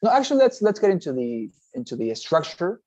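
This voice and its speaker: Guy teaching a test prep class, warm low-key tone, stops and restarts a lot, keeps asking okay?. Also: big pitch swings, no room sound, highs cut off. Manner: explanatory, checks in with "okay?" often; halting, restarts phrases. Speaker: TOEFL teacher. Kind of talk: recorded class lecture.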